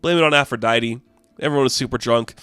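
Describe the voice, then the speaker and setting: A man's voice: mid-range voice, fast, fairly bright tone, clean tone, dry recording, soft background music. A man casually recapping a comic book issue, chatty and enthusiastic.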